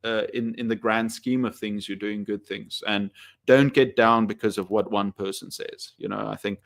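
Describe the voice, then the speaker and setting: A man's voice: lowish voice, steady tone, moderate pace, vocal fry, dry recording. Male English teacher, live-stream host, rambling casual delivery with lots of fillers, dry close sound. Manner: rambling, many fillers and restarts, reads viewer comments aloud.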